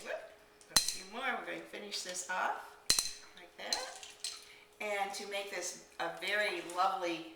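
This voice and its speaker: A woman's voice: lowish voice, vocal fry, pushed and bright, recorded from a distance, a little hiss or hum. A woman casually demonstrating decorating crafts, chatty and enthusiastic, exclaiming as she works. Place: indoor room. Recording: echoey room, somewhat off-mic.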